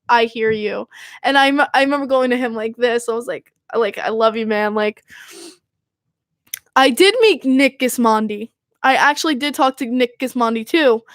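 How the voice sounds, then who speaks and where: A woman's voice: a little high, no echo, clean studio sound. Gushing young woman. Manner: gushing, excitable fan talk with many fillers. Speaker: podcast host. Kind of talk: casual chat.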